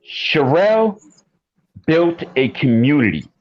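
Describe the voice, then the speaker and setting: A man calling in to a live chat show, talking earnestly and emphatically, getting loud at times. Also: on the high side, very animated, takes it slowly, dull audio. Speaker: caller. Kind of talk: casual call-in chat.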